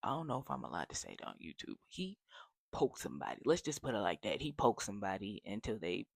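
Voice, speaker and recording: Gravelly young man telling a wild story. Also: on the low side, quick pace, no echo. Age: young adult. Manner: animated, slangy, drops to whispers for effect. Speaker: vlogger. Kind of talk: casual storytime.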